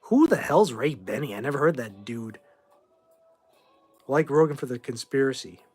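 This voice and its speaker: Faint music plays behind this livestream host, a Massachusetts man in his forties from Boston. His medium-pitched voice is darkish and slightly rough, with lively intonation at normal speed, as he rambles offhandedly through viewer questions and gives blunt opinions.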